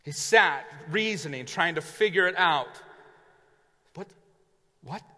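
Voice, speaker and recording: A man's voice: a little high, expressive, normal speed, pushed and bright. A male pastor preaching a sermon, retelling a story vividly and acting out the characters. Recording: long reverb in a large hall.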